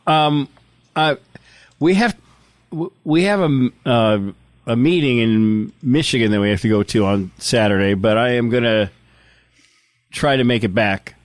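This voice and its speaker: A man's voice: mid-range voice, measured pace, pauses often, no room sound. Easygoing male podcast host. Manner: brief, easygoing replies. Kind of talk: casual chat.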